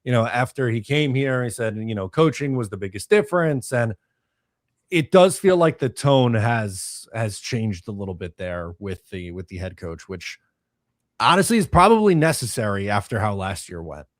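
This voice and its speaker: A man co-hosting a casual sports podcast, measured and summing up points, sometimes reading out viewer comments. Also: lowish voice, sing-song, no echo, clean studio sound. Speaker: podcast co-host.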